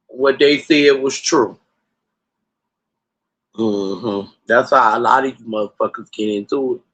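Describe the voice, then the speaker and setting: A man hosting a casual livestream, ranting and telling stories in a profane, animated way into a computer mic. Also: medium pitch, lo-fi sound. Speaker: livestream host.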